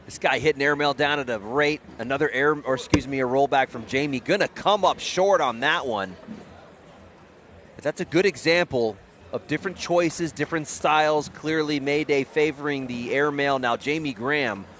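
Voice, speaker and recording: A man giving brisk, excitable play-by-play commentary on a tournament match. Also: mid-range voice, a little hiss or hum. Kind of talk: sports commentary.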